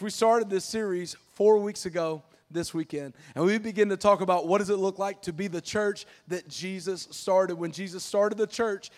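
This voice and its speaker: Male pastor, high-pitched, lively sermon delivery, joking with the congregation. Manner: lively, jokey, rallies congregation to repeat phrases. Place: church auditorium with congregation.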